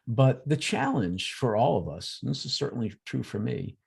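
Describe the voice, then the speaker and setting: A man with a gravelly, slightly husky voice leads a workshop over a video call. His pitch rises and falls a lot as he talks through examples. He slips into quick little imitations of other people along the way. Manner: lively, acts out examples in quoted voices. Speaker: workshop presenter on emotional intelligence. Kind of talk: conversational workshop talk.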